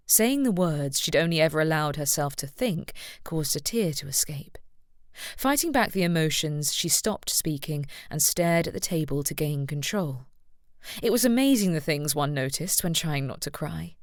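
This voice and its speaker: This is a deep-voiced woman reading an audiobook, her scripted narration even and measured. The recording is dry and of studio quality.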